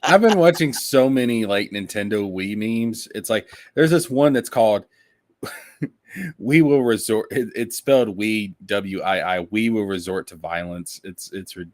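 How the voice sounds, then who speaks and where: A man hosting a casual gaming chat, excitable, laughing and swearing often. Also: on the low side, unhurried, no echo. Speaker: host.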